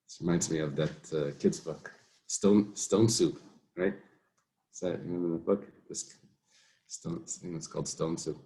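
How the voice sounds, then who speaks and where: A man teaching a Talmud lesson in a relaxed way, thinking aloud with fillers and mixing Hebrew and Aramaic terms into his English. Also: deep voice, a little slow. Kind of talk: casual Talmud study lesson.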